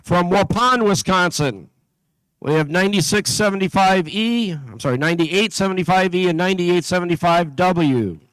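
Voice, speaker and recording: A man's voice: high voice, animated, moderate pace, a bit bright, clear, resonant tone, dry recording, poor audio. A man announcing competing teams at an event, reading a list steadily with small slips and asides. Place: event venue.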